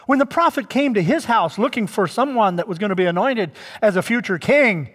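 High-voiced pastor preaching in a reverberant church. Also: male voice, lively intonation, fairly quick. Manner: emphatic, draws out key words; addresses the congregation directly. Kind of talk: sermon. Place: church sanctuary.

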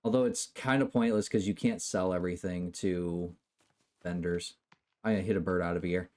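A man's voice: low-pitched, steady tone, normal speed, darkish tone, no echo, studio quality. A man streaming a game live, chatting casually, laughing and swearing as he plays. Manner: laughs a lot, swears, banters with chat.

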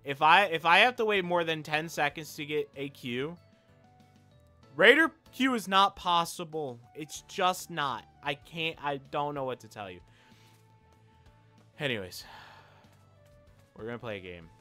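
A man's voice: a little high, lively intonation, a little slow, long pauses, sharp tone, soft background music. Frustrated man ranting over gameplay. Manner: ranting, frustrated, swears often; repeats and restarts phrases. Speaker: gaming video creator. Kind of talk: live gameplay commentary.

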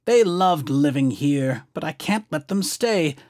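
A man voicing a grumpy, scolding little male forest creature in a storybook reading, with a croaky voice. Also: on the high side, expressive, measured pace, a little mellow, no room sound. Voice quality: croaky, coughing. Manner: snappish, scolding.

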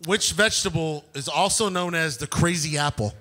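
Man, co-host reading quiz questions, high and bright, hyped delivery. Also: moderate pace. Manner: hyped, repetitive quizmaster. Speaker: trivia question reader. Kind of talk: live event banter. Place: comedy nightclub.

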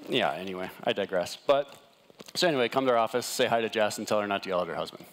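Animated man giving a wellness talk. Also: medium pitch, fast. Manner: animated, jokey, asks the room "right?". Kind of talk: casual seminar talk to a live audience.

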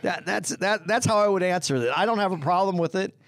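A man co-hosting a podcast in relaxed, halting chat, stumbling over and repeating his words. His voice sits a little high. He is recorded close and dry. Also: no room sound. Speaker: podcast co-host. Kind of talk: casual chat.

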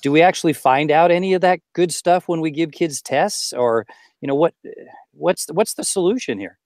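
A man's voice: fairly high pitch, moderate pace, darkish tone, dry recording, clean studio sound. Earnest male co-host asking questions. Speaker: co-host, teacher. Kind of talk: podcast interview questions.

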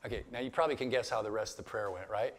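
A man leading a Bible study, speaking in an animated, conversational storytelling way with frequent asides and questions to the group. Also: fairly low pitch, very fast. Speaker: pastor. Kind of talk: casual Bible study teaching.

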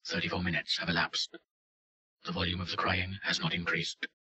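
A man giving deadpan scripted narration of a report. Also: deep voice, moderate pace, low-quality recording.

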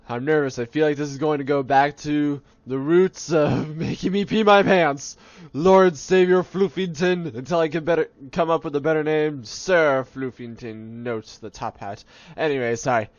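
This gaming channel host, a young man with a fairly high-pitched voice, gives let's play commentary on a horror game, jumpy and nervous, mocking himself and swinging from whispers to yelps. The voice itself is dry, though the lo-fi game capture sounds dull, with faint game music in the background.

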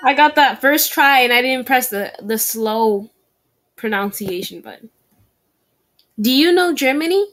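A young woman with a high, animated, fairly bright voice chats casually in a language-learning vlog at a measured pace, pausing often. She talks through her practice, correcting herself and repeating phrases aloud.

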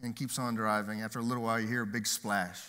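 A man's voice: on the low side, level tone, fast talker, bright, forceful tone, smooth. A man preaching a sermon from a church stage as pastor, upbeat and emphatic, slipping in jokes. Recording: long hall reverb.

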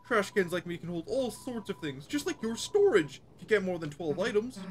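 A woman's voice: medium pitch, very animated, fairly quick, a little hiss or hum, pitched above the performer's own voice, lightly acted. A woman voicing a cheery male trash-can creature in a video game, with a bouncy, sing-song delivery.

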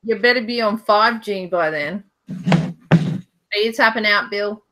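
A woman's voice: mid-range voice, takes it slowly, fairly bright tone. A woman with an Australian accent hosting a casual livestream from her couch, chatting and reading out viewer questions. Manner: chatty, reads out viewer questions, laughs often. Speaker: livestream host. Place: home couch.

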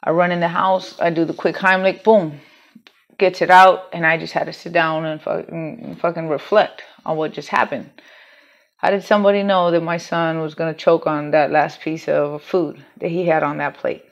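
A woman's voice: sits low, steady tone, normal speed, vocal fry. A woman telling a personal story in a candid, rambling way, swearing freely and restarting her sentences. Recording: dull lo-fi home recording.

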